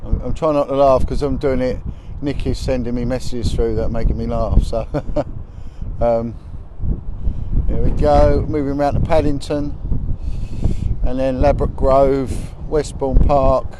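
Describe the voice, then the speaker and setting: A man's voice: mid-range voice, fairly even intonation, unhurried. A man chatting on a casual livestream from outdoors, greeting viewers by name as he films on his phone. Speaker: livestream host. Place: outdoors on a high spot above the city at sunset. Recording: outdoor phone audio with faint traffic noise.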